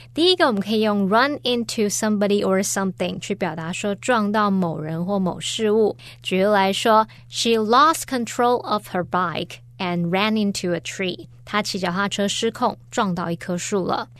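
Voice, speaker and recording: A woman's voice: medium pitch, normal speed, fairly bright tone, dry recording. Dry-sounding woman teaching grammar. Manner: orderly, step-by-step teaching. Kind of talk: grammar explanation.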